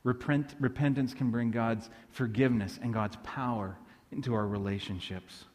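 A man's voice: medium pitch, fairly even intonation, moderate pace, darkish tone. Guy pastor preaching, chatty storytelling w lots of ums, mid voice, long hall echo. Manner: conversational storytelling with fillers and restarts. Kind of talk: sermon.

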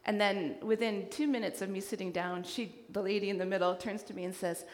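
A woman's voice: mid-range voice, a little fast. A Canadian woman giving a sermon, telling a story and acting out the voices of people she met. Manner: animated storyteller acting out dialogue. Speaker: guest preacher. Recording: hall reverb.

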